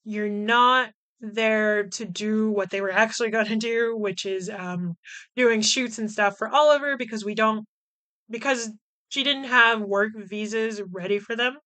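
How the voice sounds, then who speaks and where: A woman hosting a casual podcast, chatting in an animated way with frequent laughs and fillers. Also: on the high side, unhurried, clear, resonant tone. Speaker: podcast host. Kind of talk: casual podcast chat recapping a film.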